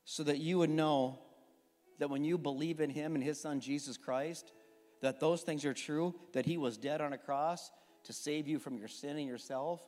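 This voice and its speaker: A pastor preaches a sermon and finishes with a prayer in a church sanctuary, his fervor rising to passionate emphasis. His voice is a little high and slightly mellow, with fairly even intonation at a normal speed, set against long reverb and faint music.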